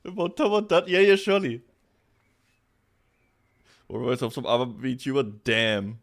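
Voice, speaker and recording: A man's voice: medium pitch, a little slow. A young man with a German accent, chatting casually as a streamer, often breaking into laughter. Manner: laughs often, reacts loudly to chat.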